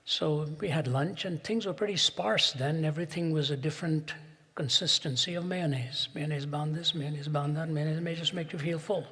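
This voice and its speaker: Husky-voiced preacher in a reverberant hall. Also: male voice, on the high side, moderate pace. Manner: builds to emphatic peaks, drops soft for quoted asides. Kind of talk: sermon with told stories.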